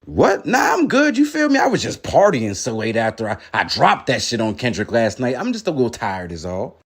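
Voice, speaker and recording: A laid-back rapper who dodges every question with mumbling, sheepish answers, as a man acts him out for a comedy sketch. His pitch swings widely between low murmurs and sudden defensive jumps. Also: huge pitch swings, fairly quick. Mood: evasive. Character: laid-back male rapper, dazed and evasive.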